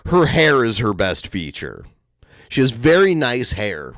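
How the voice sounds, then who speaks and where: A man's voice: mid-range voice, unhurried, no echo, studio quality. A man hosting a podcast, sarcastically commenting on a video clip. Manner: sarcastic, lively mimicry. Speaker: podcast host.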